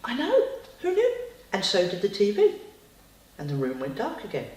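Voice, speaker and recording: A woman telling a bedtime story to a child, with chatty, lively asides. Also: medium pitch, normal speed. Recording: roomy, distant.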